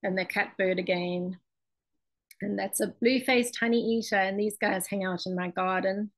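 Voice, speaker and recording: A woman's voice: medium pitch, fairly even intonation, normal speed, poor audio. A woman giving a chatty presentation on her art, with many ums and restarts. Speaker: ceramic and mosaic artist presenting her work. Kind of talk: presentation talk.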